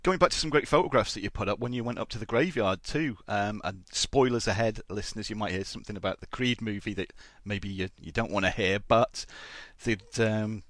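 A man's voice: lowish voice, fairly quick, fairly bright tone, dry recording. A man hosting an interview, laughing often and asking questions with fillers and restarts. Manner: laughs readily, hesitant with fillers. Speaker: podcast host. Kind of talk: casual interview chat.

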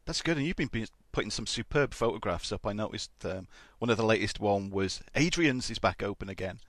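A man's voice: fairly low pitch, lively intonation, fairly quick, fairly bright tone, no room sound. A man hosting an interview, laughing often and asking questions with fillers and restarts. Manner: laughs readily, hesitant with fillers. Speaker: podcast host. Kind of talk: casual interview chat.

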